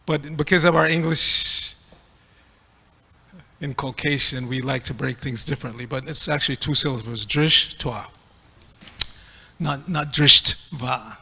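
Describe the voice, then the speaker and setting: A man's voice: medium pitch, fairly even intonation, normal speed, sharp tone, breathy edge, long reverb tail. A man giving a scripture class, reading aloud and correcting pronunciation in a teacherly way. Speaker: class speaker. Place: temple hall.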